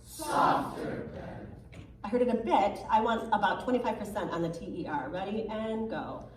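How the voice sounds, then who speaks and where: A woman coaching a choir as a guest clinician, upbeat and encouraging, giving quick directions. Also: medium pitch, a crowd in the background. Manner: upbeat, encouraging, sometimes sings lines to demonstrate. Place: choir rehearsal room. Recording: echoey room from far off, faint ambience.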